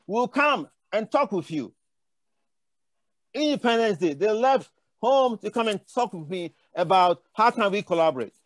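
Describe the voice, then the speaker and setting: A man's voice: high-pitched, no echo. Impassioned older man on a panel. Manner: impassioned, digressive storytelling with many restarts. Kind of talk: conference panel talk.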